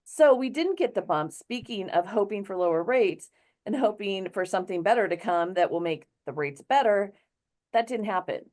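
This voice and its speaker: A middle-aged woman hosting a show, chatty and quick to laugh in casual talk. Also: mid-range voice, animated, darkish tone. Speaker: show host. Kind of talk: casual chat.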